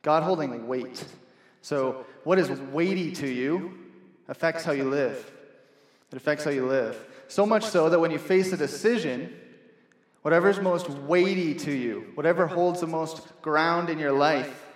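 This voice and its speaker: A man's voice: a little high, measured pace. A young man preaching a sermon in a church, earnest and conversational, repeating key phrases for emphasis. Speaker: pastor. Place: church hall. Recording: echoey hall from far off.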